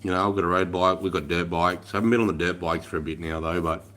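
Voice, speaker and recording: An Australian man in his forties, chatting casually on a livestream, blunt and rambling, swearing freely, calling everyone mate, and often trailing off quietly. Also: sits low, steady tone, quick pace. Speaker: livestream host.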